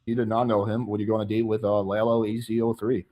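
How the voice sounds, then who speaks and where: Rapid-fire dating coach, a man. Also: fairly low pitch, flat delivery, mellow. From Russia. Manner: explains concepts, many likes and fillers. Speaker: speed date coach. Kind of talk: casual dating advice.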